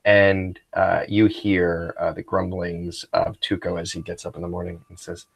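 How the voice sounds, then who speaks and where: A man running a tabletop game as game master. His voice sits low, and he narrates casually, with many pauses and fillers. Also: monotone, vocal fry, husky.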